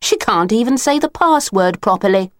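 A woman's voice: mid-range voice, lively intonation, moderate pace, dry recording, voice pushed up, close to an everyday voice. A woman voicing a bossy boy who leads a gang of children in a storybook reading. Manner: commanding, flustered when caught out. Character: bossy boy gang leader, tall for his age.

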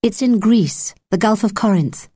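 A woman voicing a young female army nurse, patient but firm and chiding, pitched higher than her narration. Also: a little slow, dark tone, slightly rough, no room sound, clean studio sound.

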